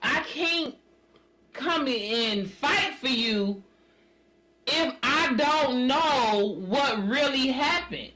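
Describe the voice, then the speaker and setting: A woman's voice: high-pitched, expressive, very slow, bright, forceful tone. A woman co-hosting a podcast, talking bluntly and jokingly with slang and profanity. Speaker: podcast co-host. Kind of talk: casual chat.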